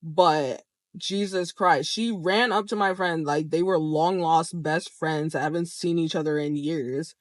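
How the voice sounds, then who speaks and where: A young adult vlogger telling a story straight to camera, animated and expressive, swearing often. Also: medium pitch, measured pace, no room sound. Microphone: camera framed close to the speaker.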